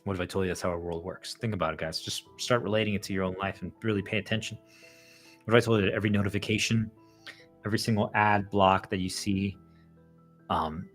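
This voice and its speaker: Male host, low-pitched, loose rambling monologue full of "like," animated, faint music underneath. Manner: rambling, heavy use of "like" fillers; animated, acts out quoted voices. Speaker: channel host. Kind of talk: casual monologue to viewers.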